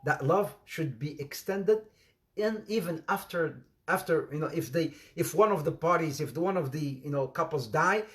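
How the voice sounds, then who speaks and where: A man giving an informal sermon, telling anecdotes in an animated way with laughter and repetition. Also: a little high, moderate pace. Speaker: Islamic preacher.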